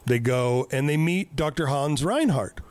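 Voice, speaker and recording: A man's voice: mid-range voice, lively intonation, measured pace, darkish tone, dry recording. A man on a casual podcast, recapping a movie in a rambling, joking, profane way.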